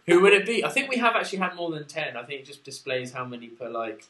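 A man's voice: fairly high pitch, quick pace, sharp tone, echoey room. A man from England co-hosting a casual podcast, chatty and giggly as he plugs the show from a small room at a studio microphone. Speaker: podcast co-host. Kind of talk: casual chat.

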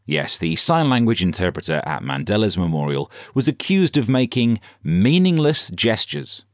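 Casting: comedy podcast host, low-voiced, deadpan and sarcastic, dry studio sound. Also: male voice, normal speed, dry recording. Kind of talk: scripted satirical news comedy.

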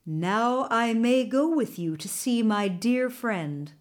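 A woman voicing a weary older male guardian warrior in a storybook reading, speaking gently and courteously. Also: fairly high pitch, expressive, slow.

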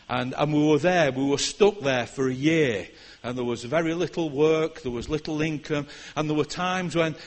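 An older man delivers a sermon as a guest preacher. His voice sits notably high for a man, and he moves between ringing declarations and quiet, intimate prayer. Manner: impassioned, swinging from loud declarations to hushed prayer.

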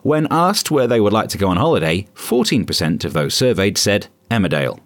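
A man delivers a scripted comedy news monologue in a lowish voice that swings widely in pitch. His asides are sarcastic and deadpan. The sound is close and dry, with no room around it. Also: fairly quick, no room sound. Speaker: podcast host.

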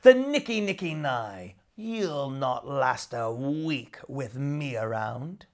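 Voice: medium pitch, big pitch swings, slow. A storyteller voicing a boastful male water demon who roars, laughs and gloats, in a storybook read-aloud. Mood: gloating. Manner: loud, roaring laughter and gloating threats.

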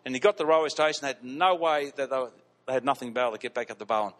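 A man preaching a storytelling sermon in a church, animated and repeating lines for emphasis. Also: medium pitch, very fast. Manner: animated, repeats lines for emphasis, laughs at his own stories. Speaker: pastor. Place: church hall. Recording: long reverb of a church hall.

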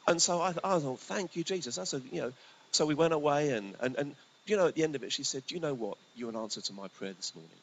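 A male pastor preaching a sermon in a conversational, storytelling way, his voice swinging between lively bursts and hushed asides. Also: fairly high pitch, fast talker, low-quality recording. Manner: conversational, animated, often drops to a hushed voice. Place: church hall. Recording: faint hiss.

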